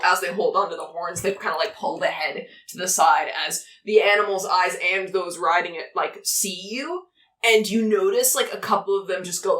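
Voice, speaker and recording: A woman's voice: on the low side, bright, forceful tone. A woman narrating as game master of a tabletop game, with many fillers and frequent laughs. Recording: roomy, from a distance.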